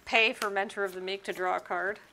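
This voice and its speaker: A woman's voice: medium pitch, steady tone, fairly quick, noisy background. A woman playing a card game on stream, chatting casually and talking through her plays in an upbeat way.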